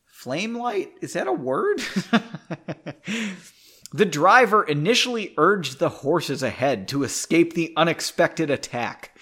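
A man's voice: fairly high pitch, fairly bright tone. A man at home reading a fantasy story aloud, chatty and self-mocking, often stumbling and rereading lines. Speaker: amateur story reader. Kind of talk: casual read-aloud with asides.

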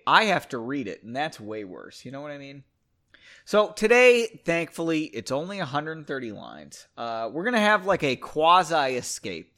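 A man hosting a casual solo podcast about his own book, ranting and joking at himself, swinging between loud outbursts and muttered asides. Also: on the high side.

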